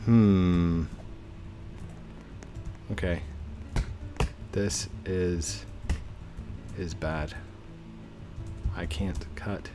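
A young man giving chatty, excitable live commentary while he plays a game, breaking into baby talk with his in-game dog. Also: low-pitched, very slow, long pauses, over music. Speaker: gaming streamer. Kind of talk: casual live gameplay commentary. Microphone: desk mic with webcam.

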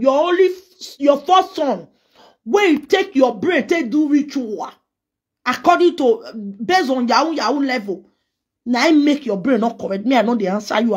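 A woman's voice: high-pitched, husky, muffled recording. A Nigerian woman delivering a heated, scolding rant in which she trades insults. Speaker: social media personality. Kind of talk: angry response rant.

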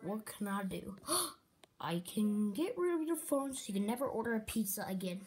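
A woman's voice: medium pitch, sing-song, normal speed, a little mellow, lightly acted. A woman voicing a bossy, scolding male bear plushie in a home toy skit. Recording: echoey room with background noise.

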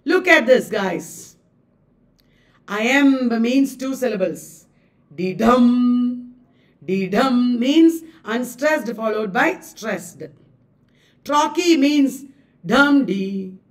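A woman with an Indian English accent teaching a live online class, lively, laughing often and repeating words with exaggerated stress. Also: a little high, extremely slow, distant mic. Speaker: online exam-prep teacher.

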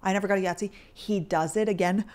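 A young woman hosting her podcast talks casually into a microphone. She rambles through stories and fills her sentences with "like." Her pitch sits in the middle of the usual range. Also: fairly even intonation, fast talker, heavy background noise. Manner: chatty storyteller, heavy use of "like". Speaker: podcast host. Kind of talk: casual chat.

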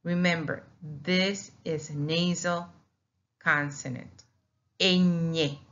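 Slow, low-pitched woman teacher. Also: steady tone, fairly bright tone. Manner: slow, drills syllables with many "okay?" checks. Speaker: Spanish teacher. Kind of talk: recorded slideshow lesson. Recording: dull lo-fi audio.

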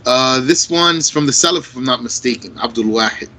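Bright-voiced man teaching a religious lesson. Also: mid-range voice, low-quality recording. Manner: explains Arabic texts line by line in English, slow and deliberate.

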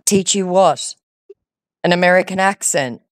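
A woman's voice: on the low side, a little slow, no room sound, studio quality. A woman baiting a scammer on a phone call, sarcastic and patronizing, scolding him. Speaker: scam baiter.

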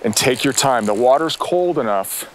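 An enthusiastic man talks through fly-fishing tips and reacts to his catch in an exclamatory voice, outdoors in a boat on a river. A faint hum of noise sits under his mid-pitched voice. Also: animated, moderate pace. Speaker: angler on a fishing show.

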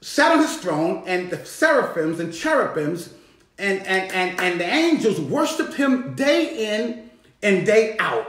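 Man, bishop, high voice, fervent sermon, echoey sanctuary. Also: big pitch swings, measured pace. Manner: rising, shouting preaching with call-and-response. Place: church sanctuary.

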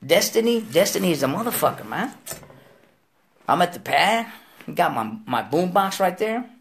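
Male guest, storyteller type, slangy and profane, swings his pitch around, rough fry in the voice. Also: normal speed. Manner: animated, profane street slang, acts out quoted voices. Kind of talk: storytelling interview.

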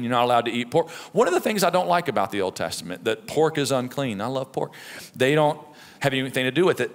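A middle-aged pastor preaching a sermon in a conversational, storytelling way, with frequent "right?" asides. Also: male voice, mid-range voice, fairly bright tone. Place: church sanctuary. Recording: long reverb of a church hall.

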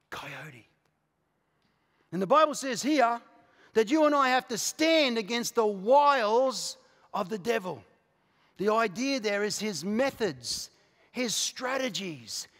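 A man with an Australian accent preaching a passionate sermon as a pastor, moving from quiet, intimate asides to shouted declarations. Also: extremely high pitch. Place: large church auditorium. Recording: live church recording with long hall reverb.

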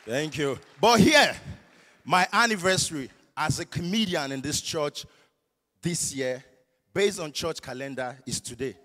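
A man with a Nigerian accent doing stand-up comedy at a church service, loud and teasing, leading call-and-response with the crowd. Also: fairly high pitch, expressive, measured pace. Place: large church hall. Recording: echoey hall with long reverb.

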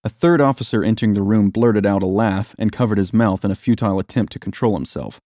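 A man reading a story aloud in steady, even scripted narration. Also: fairly low pitch, fast, no echo, studio quality.

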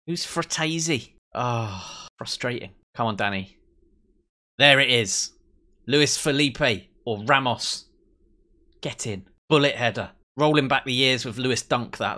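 A young man commentating on his own football management game, excitable, cheering his team and mocking rivals. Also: medium pitch. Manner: excitable, swears and mocks players. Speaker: let's play host.

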